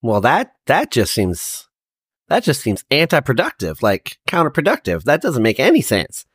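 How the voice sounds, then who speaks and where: A man's voice: medium pitch, wildly swooping pitch, normal speed, slightly rough, no room sound, studio quality. A man playing a tabletop game, talking in a folksy, rambling way. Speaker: player. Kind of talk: casual tabletop play.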